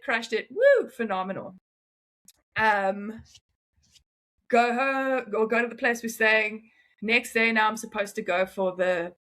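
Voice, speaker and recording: A young woman telling stories as an interview guest, animated and often laughing. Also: mid-range voice. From South Africa. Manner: animated, laughing, quick asides. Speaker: guest, freediver. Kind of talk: casual interview storytelling.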